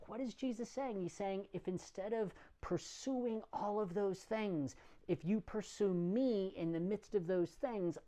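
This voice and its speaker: A man with a high-sitting voice preaches a conversational sermon, relaxed and plain-spoken, with some self-deprecating humor.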